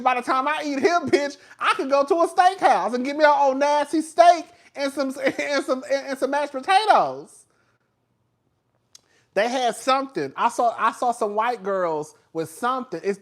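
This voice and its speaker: A man hosting a casual livestream, chatty and animated, laughing often, with slang and swearing. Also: very high-pitched, moderate pace. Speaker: host.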